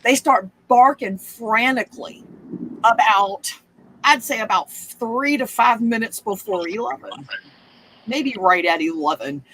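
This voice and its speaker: A woman with a drawl tells a personal story in casual, chatty talk. She wanders off on tangents and swears without a second thought. Her voice is bright and carries some push. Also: fairly high pitch, expressive, measured pace, slight background noise. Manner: chatty, profane, rambling with frequent asides.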